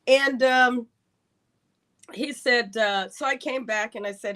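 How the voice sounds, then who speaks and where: A woman's voice: fairly high pitch, slow pace, long pauses. A woman, a retired Air Force colonel, telling a long career story in a podcast interview and acting out the voices of the people in it. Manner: animated storyteller, acts out quoted dialogue.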